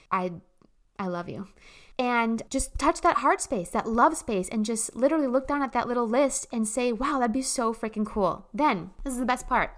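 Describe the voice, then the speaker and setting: A woman's voice: on the high side, a bit bright. A woman hosting a motivational podcast, talking in a gushing, emphatic way and swearing casually. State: emotional, tearing up. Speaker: podcast host.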